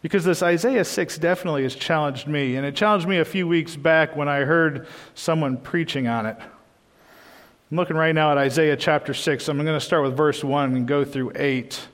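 Guy preaching in church, earnest, kinda high voice, long echo tail. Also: normal speed. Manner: earnest, repeats phrases, shifts pitch and loudness often. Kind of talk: sermon.

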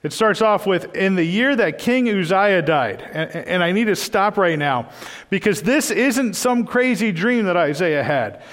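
A man's voice: high-pitched, lively intonation, a little slow, fairly bright tone, big-room sound. A man preaching a sermon in a church, earnest and emphatic, often repeating his phrases.

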